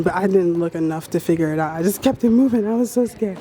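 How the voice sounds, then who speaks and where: A woman's voice: fairly low pitch, fast talker, dark tone, slight background noise. A young woman vlogging as she walks down a street, rambling and chatty, telling stories with self-mocking asides into a handheld camera. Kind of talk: casual walking vlog chat. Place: outdoors walking down a city street. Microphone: handheld camera held while walking. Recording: street ambience clearly behind.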